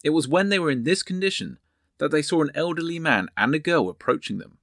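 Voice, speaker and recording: A man narrating a history lesson, reading from sources and a novel in a measured storytelling way. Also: fairly high pitch, lively intonation, fairly bright tone, no room sound, clean studio sound.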